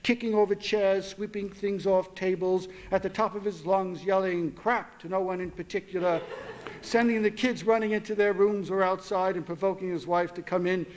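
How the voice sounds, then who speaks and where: A male author reads his own fiction aloud at a live literary reading. His voice sits high, and his storytelling is steady, with the odd quick self-correction. The delivery is plain and unhurried. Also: slight background noise.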